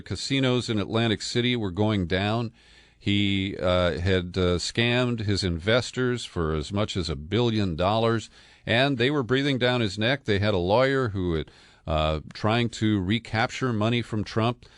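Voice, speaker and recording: Low-voiced sardonic male podcast host. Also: unhurried, dry recording. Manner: sardonic, conversational, with frequent fillers and chuckles. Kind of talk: political news commentary.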